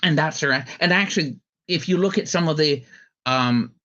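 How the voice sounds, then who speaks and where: A man's voice: on the high side, moderate pace, bright, forceful tone. Rambling man on a dull lo-fi mic. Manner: rambling, full of ums and restarts. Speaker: podcast host. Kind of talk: casual commentary chat. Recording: slightly dull lo-fi audio.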